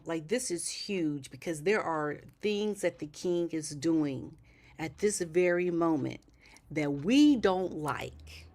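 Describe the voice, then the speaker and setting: Slow, chatty woman livestream host. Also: fairly low pitch. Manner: chatty, talks to viewers in chat, keeps asking "okay?". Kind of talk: casual commentary livestream.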